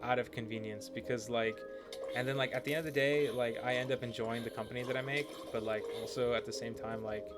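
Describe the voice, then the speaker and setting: A young man chats through a gameplay session in a loose, rambling way. He leans on fillers and curses freely, at a middle pitch. Game music plays clearly behind him. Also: fairly even intonation, quick pace. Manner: rambling, profane, many "like" fillers. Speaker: gaming streamer. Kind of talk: casual gameplay commentary.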